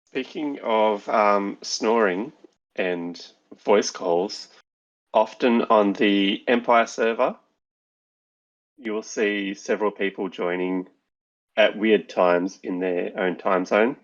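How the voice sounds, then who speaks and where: A man's voice: fairly low pitch, takes it slowly. A man co-hosting a podcast in a laid-back, casual chat with chuckling asides. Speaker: podcast co-host. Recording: dull voice-call audio.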